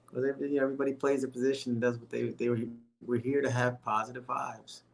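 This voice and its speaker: Hosting a casual livestream, a man rambles in a friendly way, calling his viewers folks and filling his talk with fillers and restarts. His medium-pitched voice is creaky and flat, delivered at a quick pace. He sounds a little winded and tired.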